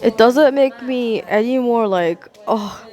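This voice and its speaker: Woman vlogger, mid-pitched, rambling and sarcastic, swears freely, casual talk to camera. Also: animated, normal speed, a little mellow.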